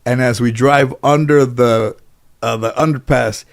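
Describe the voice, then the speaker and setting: A man's voice: medium pitch, steady tone, unhurried, creaky. A middle-aged man, a guest in an interview, telling casual stories in a rambling way full of "you know". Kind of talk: casual storytelling.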